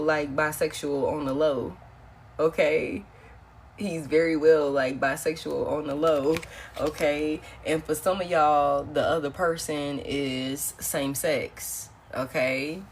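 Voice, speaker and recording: A woman doing a casual live-stream tarot reading, chatty and repetitive, often calling her viewers y'all. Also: deep voice. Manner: casual, chatty, repeats herself, says y'all, laughs often. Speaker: tarot reader.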